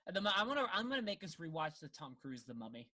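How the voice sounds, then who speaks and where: Bright-voiced young man on a podcast. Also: fairly high pitch, very animated, fast. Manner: laughs often, restarts sentences. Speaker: podcast co-host. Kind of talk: casual chat.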